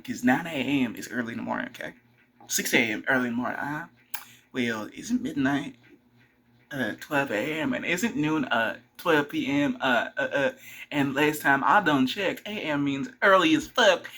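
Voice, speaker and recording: A man's voice: medium pitch, expressive, moderate pace, pushed and bright. A young man rambling casually to camera, swearing freely and talking to his dog between thoughts. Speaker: vlogger.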